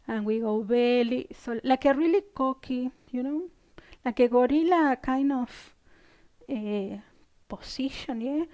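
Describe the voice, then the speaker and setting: Slow gentle woman yoga teacher over 50, keeps asking yeah?, sometimes whispers. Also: a little high. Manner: gentle cueing with frequent "yeah?" checks, some whispered counts. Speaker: yoga instructor. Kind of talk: guided yoga class instruction.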